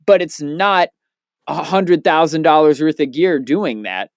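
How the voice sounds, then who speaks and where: A young man co-hosting a podcast in casual chat, telling stories loosely and excitedly with plenty of swearing. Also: fairly high pitch, a little slow, clear, resonant tone, dry recording, studio quality. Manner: loose, profane, excitable storyteller. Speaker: podcast co-host, DJ.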